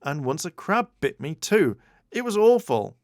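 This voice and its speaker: A man's voice: a little high, sing-song, measured pace, dry recording, clean studio sound, pitched above the performer's own voice. A man voicing a timid, nerdy teenage boy in a storybook reading, with fussy wording.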